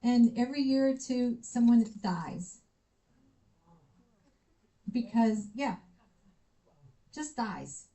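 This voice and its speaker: A woman's voice: a little high, slow, pauses often, low-quality recording. An American woman giving a university lecture, telling personal stories and acting out the dialogue. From United States. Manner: lively storytelling, acts out quoted dialogue. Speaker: visiting researcher giving a lecture. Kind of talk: conference talk with personal anecdotes.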